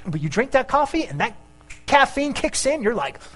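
Lively, joking male preacher. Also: very high voice, moderate pace, soft background music, rough recording. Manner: animated preaching with jokes and asides. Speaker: pastor. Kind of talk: sermon.

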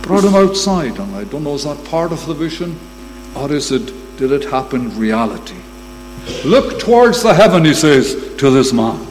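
A man preaching a sermon, emphatic, swelling to loud bursts when he quotes scripture. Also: medium pitch, lively intonation, normal speed. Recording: long reverb, faint hum.

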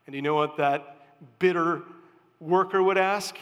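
A high-pitched man preaches a sermon at a slow, deliberate pace, leaning hard on key words and then dropping to a hush. His voice rings with the long reverb of a big church hall. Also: steady tone. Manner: slow, emphatic preaching with sudden rises and soft drops. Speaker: pastor.

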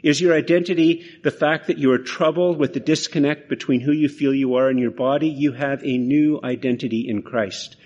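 A man's voice: medium pitch, fairly even intonation, a little fast, few pauses, darkish tone, highs cut off. A man preaching a sermon in an earnest, conversational way, often restarting his phrases. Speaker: pastor.

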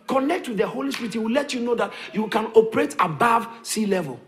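Male pastor, high and very lively voice, repetitive sermon delivery with chuckles. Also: fast talker, faint music behind. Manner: animated, repetitive preaching, chuckles between points.

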